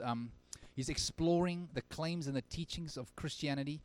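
Guy pastor preaching sunday sermon, earnest, goes loud then real quiet, kinda high voice. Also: moderate pace, few pauses, no echo. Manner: earnest, swinging from emphatic to very quiet. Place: church service.

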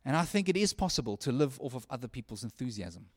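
A man preaching a sermon, earnest and conversational, often restarting his phrases and swinging from hushed lines to loud ones. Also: medium pitch, very animated, fast talker.

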